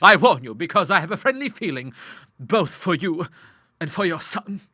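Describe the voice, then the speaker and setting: Guy doing a grim older lady, scornful and forceful, high bright voice, jumps around a lot, dry close sound. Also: very animated, normal speed, no room sound, heavily acted. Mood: vehement. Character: stern, grim older woman, bitter widow. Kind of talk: audiobook character voice.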